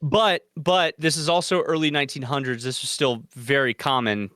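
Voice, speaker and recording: A man's voice: mid-range voice, fairly even intonation, moderate pace, a bit bright, no echo, studio quality. A man co-hosting a casual true crime podcast, reading from notes and breaking off for profane, joking asides. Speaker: podcast co-host.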